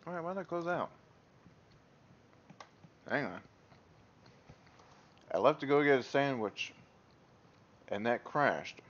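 Um streamer do sexo masculino faz comentários casuais e brincalhões durante uma transmissão ao vivo de um jogo. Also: male voice, mid-range voice, big pitch swings, takes it slowly, pauses often, muffled recording. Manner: offhand, joking asides. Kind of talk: casual live-stream commentary.

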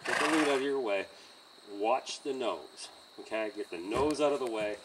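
A man teaching horse handling outdoors by a trailer, in a calm coaching manner with frequent okays and chuckles. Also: medium pitch, normal speed, far from the mic, slight background noise, rough recording. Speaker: horse trainer. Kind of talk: hands-on training demonstration.

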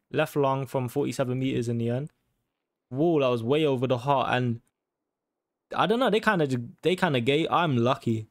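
A young man giving casual, sweary commentary on a hunting game and taunting the animals loudly. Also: mid-range voice, no room sound, clean studio sound. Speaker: gaming YouTuber.

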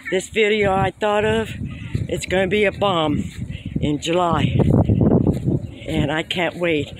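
A man vlogging casually while hiking up a steep hill, excited and out of breath. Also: high voice. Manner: excited, exclaiming often. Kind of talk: casual walking vlog. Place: outdoors on a steep hillside. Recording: outdoor wind and ambient noise. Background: birds and open-air noise.

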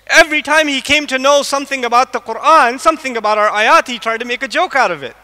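High, sharp-voiced man lecturing in a mosque. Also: fast talker, hardly any pauses. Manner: quizzes the audience with repeated questions. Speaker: Islamic lecturer. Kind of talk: lecture to a live audience. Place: large mosque hall. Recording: long echo of a mosque hall.

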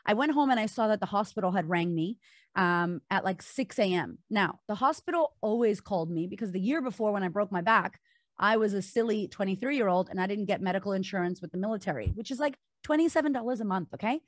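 A woman's voice: mid-range voice, expressive, fast, dry recording, clean studio sound. A woman guest on a podcast recounting a personal story candidly, with many filler words.

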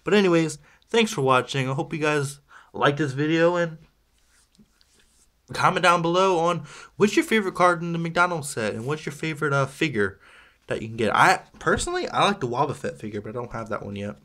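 A man's voice: on the high side, expressive, fairly quick, bright, forceful tone. A man chatting casually as he opens toy packs for a video, rambling and joking at his own expense. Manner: rambling, chatty, self-deprecating with small laughs. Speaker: toy unboxing vlogger. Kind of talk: casual unboxing chat.

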